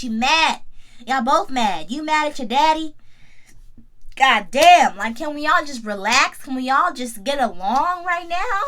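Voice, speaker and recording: A woman's voice: high-pitched, expressive, unhurried, a bit bright. A woman in her twenties giving a casual, slangy TV recap and talking straight back to the characters. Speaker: YouTube TV recap host. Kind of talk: casual review chat.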